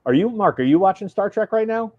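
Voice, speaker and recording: Lively, questioning man with muffled sound. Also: high-pitched, fast, no room sound. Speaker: podcast co-host. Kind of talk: casual chat. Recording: dull, slightly lo-fi audio.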